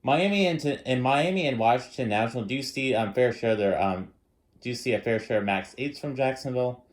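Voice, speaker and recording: Young guy rambling about his models, lots of ums, casual chat from a room at home. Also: mid-range voice. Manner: rambling, many ums and restarts. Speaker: model airport hobbyist host. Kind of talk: casual hobby video narration. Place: dim indoor room at home.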